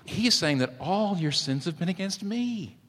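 Animated preacher in a reverberant hall. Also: male voice, sits high, moderate pace. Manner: earnest, animated preaching with vivid storytelling. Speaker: pastor. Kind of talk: sermon.

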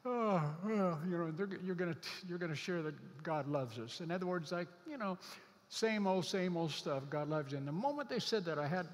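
A man preaching a sermon as a pastor, earnest, slowing down and stretching key scripture words to drive them home. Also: fairly high pitch, big-room sound.

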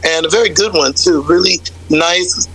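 A woman's voice: lowish voice, normal speed, fairly bright tone, husky, low-quality recording. A woman from the United States, a guest singer, chatting in a radio interview with a talkative, direct manner. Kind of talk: casual radio interview chat.

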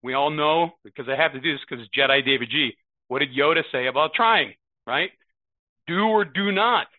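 A man of fifty from the United States, with an American accent, speaks earnestly at a recovery meeting, repeating words and often adding "right?". His mid-range voice moves fairly quickly, with no room sound and a narrow, phone-like tone.

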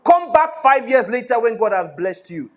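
A middle-aged Nigerian pastor delivers an animated sermon in a fairly high-pitched voice, his Nigerian accent strong. He drifts into pidgin phrases and laughs often between points. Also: normal speed.

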